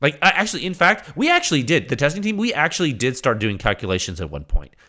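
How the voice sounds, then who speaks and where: A male podcast host in a loose solo monologue. His pitch leaps around constantly, rising high for acted-out reactions and dropping low for asides. He talks in an excitable, rambling way. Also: fast talker.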